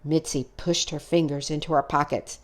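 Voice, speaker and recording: A woman reading a children's storybook aloud, expressive and unhurried. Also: deep voice. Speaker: storybook reader.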